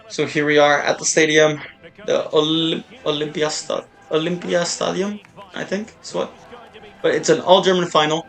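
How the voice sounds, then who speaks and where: A man giving casual, rambling live commentary while playing a soccer video game, often breaking into excited shouts and cheers. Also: on the high side. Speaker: gaming YouTuber.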